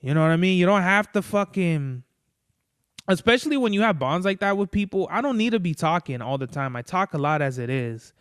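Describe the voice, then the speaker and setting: Podcast host, male, loose rambling monologue, slightly high and crisp, dry close sound. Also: animated, a little fast, fairly bright tone, no echo. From Mexican-American family. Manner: rambling, profane, lots of "like" and "bro". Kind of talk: casual solo monologue.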